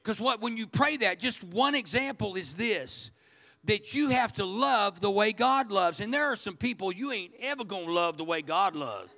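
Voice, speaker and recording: A man's voice: high voice, expressive, moderate pace, bright, forceful tone. A man preaching a sermon, telling a personal story in a folksy, repetitive way. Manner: folksy, storytelling, repeats words. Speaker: pastor.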